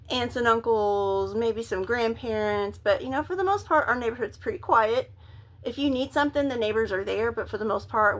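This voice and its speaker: Animated, profane woman telling a story. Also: on the high side. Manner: animated, profane, acts out quotes loudly. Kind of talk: casual storytelling monologue.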